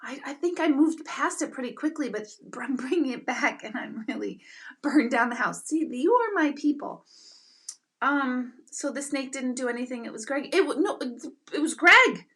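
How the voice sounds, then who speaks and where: A middle-aged woman hosting a live chat with her viewers, telling stories in an animated, excitable way with bursts of loud exclamation. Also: high-pitched, moderate pace. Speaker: livestream host.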